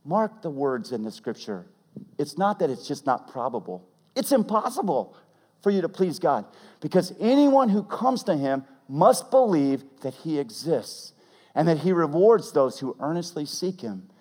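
A man preaching a sermon as pastor, swinging from loud emphatic peaks to hushed, almost whispered lines. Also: a little high, sing-song, normal speed, slightly rough. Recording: long reverb of a large hall.

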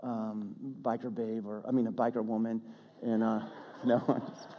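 A man's voice: on the low side, flat delivery, moderate pace, dull audio. A man preaching a sermon, telling a story in a folksy, chatty way with self-deprecating asides. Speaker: pastor. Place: church sanctuary. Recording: long hall reverb.

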